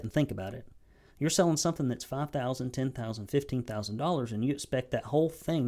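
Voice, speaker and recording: A man's voice: mid-range voice, a little mellow. A man with a Southern US accent giving a blunt, folksy, sarcastic sales training talk to camera as a business coach.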